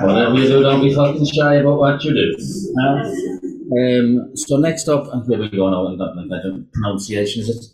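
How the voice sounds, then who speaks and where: A man's voice: medium pitch, a little fast. Cheeky man hosting an open mic. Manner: cheeky, swearing banter. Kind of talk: casual compering. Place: small venue, indoors. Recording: roomy, far off, loud noise.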